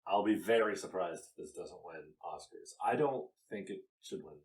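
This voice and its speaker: Man, podcast co-host, deep voice with swooping animated delivery, chatty and laughing. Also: normal speed. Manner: animated, laughs a lot, trails off mid-thought. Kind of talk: casual movie review chat.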